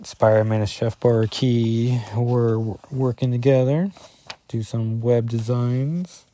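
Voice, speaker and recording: A man's voice: mid-range voice, fairly even intonation, slow, mellow, a little hiss or hum. A man casually talking through a comic book issue as a reviewer, rambling and correcting himself often with lots of fillers.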